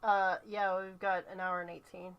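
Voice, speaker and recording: A woman's voice: medium pitch, level tone, moderate pace, smooth, dull audio. A woman co-hosting a casual livestream, joking and laughing often. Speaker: livestream co-host and voice actor.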